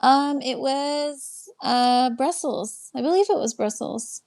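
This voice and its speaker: A woman with a Texan accent and a fairly high voice hosts a relaxed live stream. She chats along easily, welcoming each viewer by name and answering their comments. She speaks into a webcam and sounds a little tired, like she is winding down for the night. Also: slow pace. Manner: chatty, greets viewers and answers comments aloud. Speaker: live stream host and life coach. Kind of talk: casual live stream chat.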